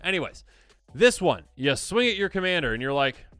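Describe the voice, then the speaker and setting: A man hosting a casual card game review, animated and jokey, now and then acting out silly voices. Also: medium pitch, quick pace, no room sound, studio quality, soft background music. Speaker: host.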